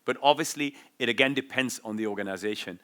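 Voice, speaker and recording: A man giving a conference talk at a business forum. He explains things in an animated way and uses vivid examples. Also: medium pitch, quick pace. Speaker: forum speaker.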